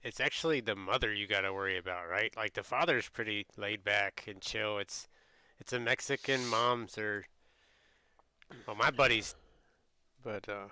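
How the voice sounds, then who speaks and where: A man chats casually while streaming a game, relaxed and joking as he rambles. His voice is lowish with a bright, forceful tone. The sound is close and dry. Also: normal speed, clear, resonant tone, dry recording. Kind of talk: casual chat while gaming.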